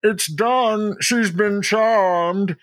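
A man's voice: sits high, very slow, a bit bright, voice pushed up, exaggerated voice. A man voicing a flamboyant male fae lord of love in a tabletop game, speaking in a courtly, theatrical way. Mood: smug.

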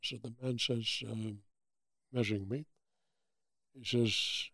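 A man in his eighties from Germany with a German accent, telling animated stories in an interview and acting out the quotes. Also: mid-range voice, takes it slowly, vocal fry, no echo, clean studio sound. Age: 80s. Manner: animated anecdotes with acted-out quotes. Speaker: guest. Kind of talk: storytelling interview.

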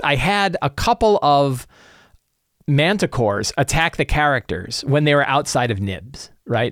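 A man casually sharing advice as a tabletop game master, animated and acting out his players' reactions. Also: medium pitch, dry recording, clean studio sound. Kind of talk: casual tips talk.

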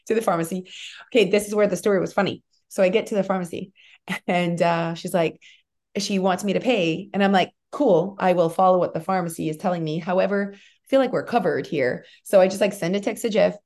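A woman in her thirties, co-hosting a podcast in a casual chat, telling an animated, rambling story full of fillers. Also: medium pitch. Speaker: podcast co-host.

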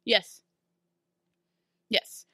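A woman co-hosting a casual podcast, recapping a TV episode and acting out the characters' lines in quick animated bursts. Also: no echo, clean studio sound. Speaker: podcast co-host. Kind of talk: casual recap chat about a TV show.

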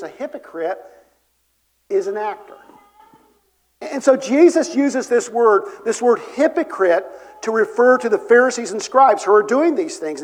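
A man preaching a sermon as pastor, earnest, moving between emphatic and soft delivery. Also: sits high. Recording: long reverb of a large hall.

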